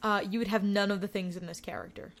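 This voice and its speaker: A woman co-host picks apart a film in a casual podcast chat. Her voice sits at an ordinary middle pitch. Her remarks are dry and critical. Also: fairly even intonation, fast talker. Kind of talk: casual movie review chat.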